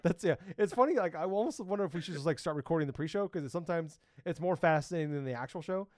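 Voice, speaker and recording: A man in his thirties rattles along quickly in casual podcast chat, his voice sitting a touch high. He rambles with plenty of fillers and swears now and then. The close mic sounds dry, with no room around it. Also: lively intonation, a little mellow, no room sound. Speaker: podcast co-host.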